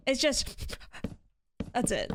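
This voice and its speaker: A woman's voice: slow, background noise. A woman streaming and chatting casually while she builds in a game, laughing often.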